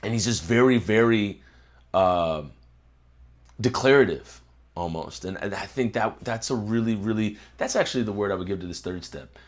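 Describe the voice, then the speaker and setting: A man's voice: on the low side, normal speed. A young man hosting his own channel, giving a reflective motivational talk to camera, often repeating words as he searches for them, then stating points firmly. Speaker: host.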